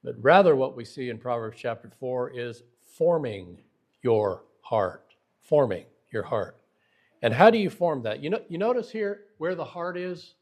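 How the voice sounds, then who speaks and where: A man's voice: mid-range voice, big pitch swings, a little slow, a little mellow. A man giving a recorded Bible lesson, earnest and emphatic, sometimes restarting his words as he explains. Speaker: Bible teacher.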